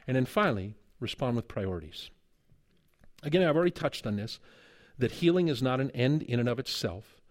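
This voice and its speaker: A middle-aged man preaching a sermon, telling a lively story with humor and chuckles as a guest preacher and seminary teacher. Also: mid-range voice.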